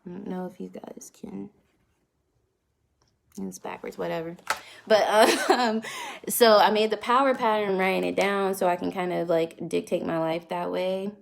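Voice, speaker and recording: Speaking a little slowly in a steady, medium-pitched voice with vocal fry, a young woman from North Carolina answers live comments on a phone livestream at home. She chats casually into the front camera and laughs often.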